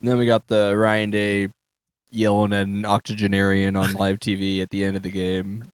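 Man, low voice, dry recording, podcast co-host, easygoing, laughs a lot. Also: monotone, moderate pace, clean tone, dry recording. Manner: easygoing, laughs often between phrases. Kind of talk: casual sports chat.

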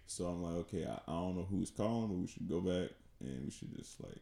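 Gravelly low man telling a story. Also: lively intonation, warm tone. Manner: halting, repeats words, laughs between lines. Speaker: podcast co-host. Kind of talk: casual storytelling. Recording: echoey room.

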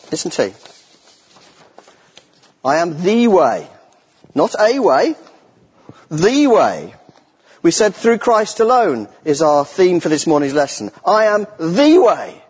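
A man's voice: on the high side, darkish tone, slightly rough. A middle-aged man preaching a sermon in a church, earnest and emphatic, repeating key phrases for weight. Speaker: lay preacher. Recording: echoey church hall with long reverb.

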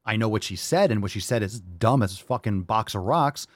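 A man's voice: on the low side, expressive, a little fast, no room sound. A man hosting a fitness podcast, ranting bluntly and preachily with plenty of swearing. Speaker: podcast host. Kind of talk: opinionated fitness podcast rant.

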